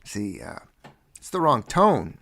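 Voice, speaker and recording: A man putting on the voice of an older ex-mobster working as a janitor, with a clipped, halting delivery. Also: lowish voice, big pitch swings, gravelly, a bit bright, full character voice. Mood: menacing. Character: menacing ex-mob male janitor, older man.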